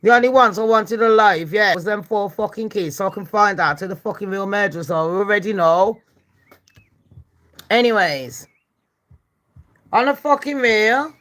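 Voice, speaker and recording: Hosting a live stream, a foul-mouthed woman in her 40s rants at chat and squares up to commenters between true-crime topics. She talks at a normal speed in a mid-range, fairly bright voice, pausing often.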